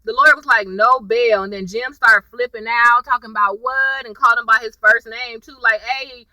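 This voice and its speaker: A woman's voice: on the high side, fairly quick, bright, forceful tone, dry recording, rough recording. A woman, casually recapping a TV episode for viewers, chatty and sassy, calling them y'all.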